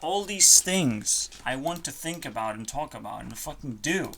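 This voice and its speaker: A channel host at a home computer desk, delivering a frustrated rant full of swearing that swings between loud outbursts and quiet muttering. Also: mid-range voice, animated, moderate pace, vocal fry, a little hiss or hum. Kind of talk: ranting vlog.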